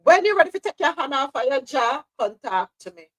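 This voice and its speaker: A woman's voice: sits high, big pitch swings, brisk, fairly bright tone, poor audio. A woman hosting a live news podcast, speaking passionately and repeating phrases for emphasis. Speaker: host.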